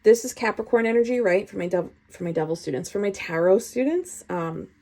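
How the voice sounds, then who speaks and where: A woman giving a casual tarot reading, chatty and expressive, with frequent laughs and swearing. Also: medium pitch, a little fast. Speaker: tarot reader.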